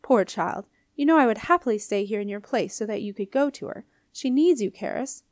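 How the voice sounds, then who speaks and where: A woman's voice: fairly high pitch, animated, brisk, no room sound, studio quality, lightly acted. A woman voicing a bossy old ghost queen. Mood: bossy, huffy. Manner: bossy, huffing, imperious. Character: fussy, exasperated old ghost queen grandmother.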